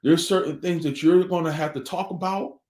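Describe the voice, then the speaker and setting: In an echoey room, a man with a noticeably high, steady, darkish-toned voice briskly delivers a morning motivational talk on family life. Earnest and preachy, he presses his audience with a string of pointed questions.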